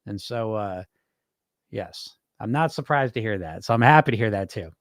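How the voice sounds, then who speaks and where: A man's voice: lowish voice, lively intonation, normal speed, no echo, studio quality. A middle-aged man hosting a weight-loss podcast, talking casually and bluntly, swearing freely as he coaches listeners and mimics panicked dieters. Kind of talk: casual live-stream coaching talk.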